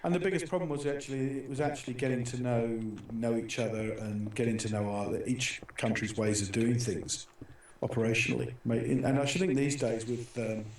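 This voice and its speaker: A man's voice: medium pitch, steady tone, a little fast, few pauses, heavy reverb, recorded from a distance, a little hiss or hum. A middle-aged British man hosting a casual talk show, telling stories in a rambling way with many restarts and fillers. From Britain. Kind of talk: casual chat.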